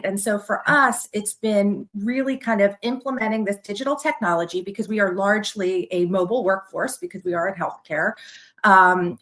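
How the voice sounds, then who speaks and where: A woman's voice: mid-range voice, a bit bright. A woman speaking as a guest on a panel, upbeat, with many fillers and "you know". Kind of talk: conversational panel talk.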